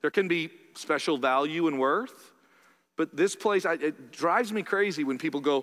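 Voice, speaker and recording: A male pastor preaching a sermon in a church, conversational and animated, with quick asides to the congregation. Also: on the high side. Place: church sanctuary. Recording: reverberant church hall.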